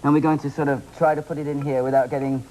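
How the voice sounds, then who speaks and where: A man's voice: medium pitch, level tone, rapid-fire, darkish tone, a little hiss or hum, poor audio. A man from Manchester with a northern English accent, chatting and cracking jokes while cooking as a TV guest, full of fillers and restarts. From England. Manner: joking, rambling with many fillers and restarts. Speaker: guest cook. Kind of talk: casual cooking chat.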